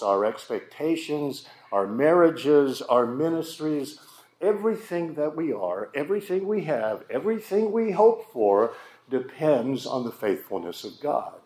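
A man preaching a sermon as a pastor, slow and emphatic with dramatic pauses. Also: medium pitch, darkish tone, reverberant.

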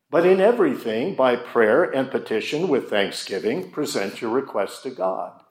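A man's voice: medium pitch, big pitch swings, normal speed, few pauses. A man preaching a sermon, speaking emphatically and asking his listeners rhetorical questions. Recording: roomy echo.

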